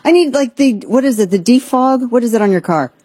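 A woman's voice: on the high side, brisk, slightly rough, dry recording. Chatty joking radio host woman. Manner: rambling, joking, animated asides. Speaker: radio talk show host. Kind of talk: casual opinionated radio chat. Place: radio studio. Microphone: studio mic.

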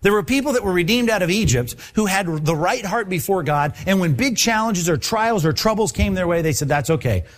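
Guy preaching, talks like he's chatting, lots of swoops in pitch, slightly high voice. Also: fairly quick, hardly any pauses. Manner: animated, conversational preaching with acted-out voices. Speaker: pastor. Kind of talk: sermon.

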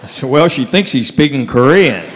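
A man performing a stand-up routine, telling animated stories and acting out his relatives. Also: medium pitch, moderate pace. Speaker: stand-up comedian. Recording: live venue with long reverb, faint crowd noise.

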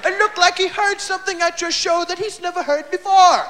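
A man telling a stand-up story, animated and loud, shouting punchlines and acting out characters. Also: extremely high pitch, a little fast, slight background noise. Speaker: stand-up comedian.

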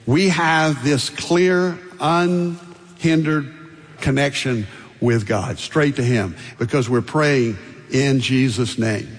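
A man's voice: mid-range voice, slow pace, long reverb tail. An older man preaching a sermon as pastor, emphatic, building through repeated lists and stressed phrases.

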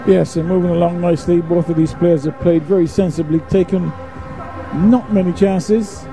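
A man giving measured expert analysis as a cricket co-commentator. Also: sits high, fairly even intonation, over music.

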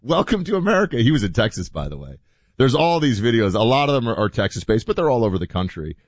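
A man hosting a talk show, chatting in an animated, conversational way with plenty of asides. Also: on the low side, fast talker, no echo. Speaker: show host. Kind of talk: opinion talk show commentary.

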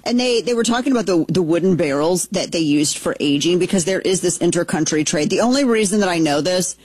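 A woman's voice: fairly low pitch, animated, fast talker, darkish tone, husky, no room sound. Chatty woman hosting political commentary, dry sound. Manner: opinionated and chatty, thinks aloud with restarts.

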